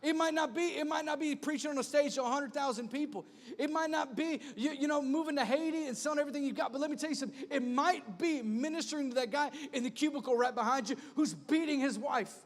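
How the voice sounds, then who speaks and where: A man in his thirties preaching a sermon as pastor, conversational and animated, with a repeated refrain. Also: very high voice, quick pace. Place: large church hall. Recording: long hall reverb.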